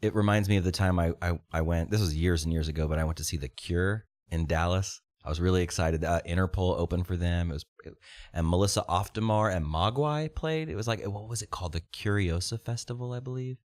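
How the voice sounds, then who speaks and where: A man's voice: deep voice, quick pace, a little mellow, no room sound. A man in his thirties hosting a podcast in casual chat, rambling and swearing with lots of restarts. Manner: rambling and profane, with frequent restarts. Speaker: podcast host.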